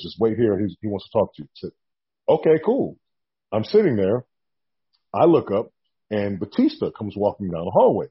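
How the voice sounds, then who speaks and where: Husky low-voiced man telling a story. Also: highs cut off. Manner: animated storyteller acting out quotes. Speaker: guest, former wrestler. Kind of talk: casual storytelling interview.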